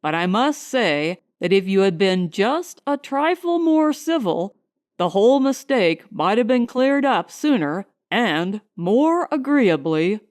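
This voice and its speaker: Woman reading as a gentleman, courteous, calm, unhurried, expressive. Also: medium pitch, dry recording, studio quality. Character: male gentleman householder, reasonable, polite.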